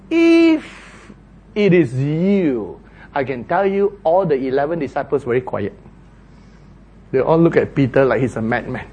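A man preaching a sermon, retelling a story dramatically with shouted voices for its characters. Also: high voice.

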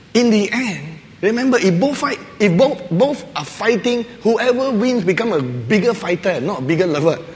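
A man preaching a humorous sermon who chuckles often and acts out little voices as he tells his stories. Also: high-pitched. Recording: long reverb of a large hall.

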